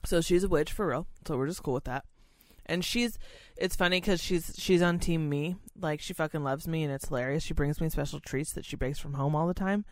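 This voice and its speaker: Here is a profane, rambling speaker of middle pitch, telling a work story in casual chat. The voice sits close in a dry, dead room. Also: brisk, hardly any pauses, no room sound. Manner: profane, rambling storyteller who acts out other people's voices. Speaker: podcast co-host and senior-living staff worker.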